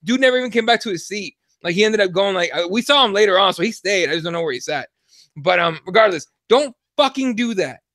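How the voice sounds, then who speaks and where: High voiced guy cursing a lot, telling fight stories on a podcast, dead dry mic. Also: quick pace, no echo. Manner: profane, animated storytelling. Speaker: podcast co-host. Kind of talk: casual chat.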